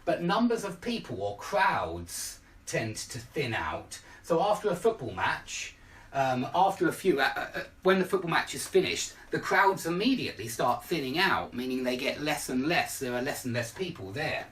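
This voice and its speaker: Man, teacher, patient, example-led, animated intonation, a bit off-mic. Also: medium pitch, moderate pace, distant mic. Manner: patient, explains with everyday examples. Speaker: English teacher. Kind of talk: online lesson explanation.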